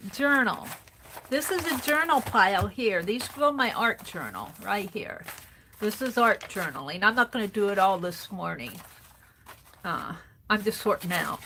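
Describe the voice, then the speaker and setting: Woman host, unhurried and chatty, talking to herself and viewers at her craft desk; faint background noise. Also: medium pitch, pushed and bright. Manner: chatty, thinks aloud, greets viewers. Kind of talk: casual chat while sorting craft supplies.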